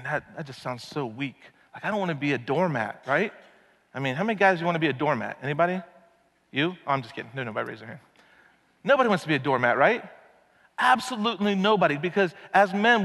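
A man preaching a conversational sermon, casual and animated, often asking his listeners rhetorical questions. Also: on the high side. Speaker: pastor. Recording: long reverb of a large hall.

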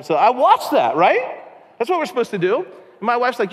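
A man preaching a sermon, telling stories in a conversational, animated way. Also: very high-pitched, moderate pace. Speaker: pastor. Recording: long hall reverb.

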